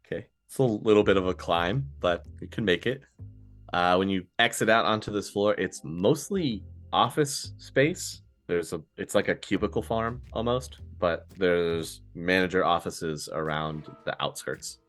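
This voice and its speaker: A man narrating a tabletop role-playing game as game master, relaxed and quick to laugh. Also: low-pitched, faint music behind.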